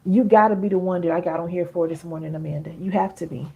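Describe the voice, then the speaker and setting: A middle-aged woman hosting a casual live stream, chatty and warm with viewers, reading their comments aloud. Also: on the low side, steady tone, quick pace, creaky, breathy edge, muffled recording. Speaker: live-stream host and healing coach.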